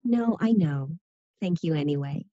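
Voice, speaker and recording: A young female student asks her teacher for another chance in a textbook listening dialogue. Her voice is husky and mellow. The recording is dry and slightly dull. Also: low-pitched, expressive, unhurried, no echo. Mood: pleading.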